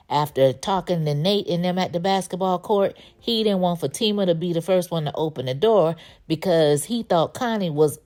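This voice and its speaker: A woman hosts a casual recap of a TV episode, her voice sitting low in its usual range. She tells the story in a slangy, conversational way. When she quotes the characters she acts them out, and her voice jumps up high. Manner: animated, acts out characters' lines with pitch jumps. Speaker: TV recap host.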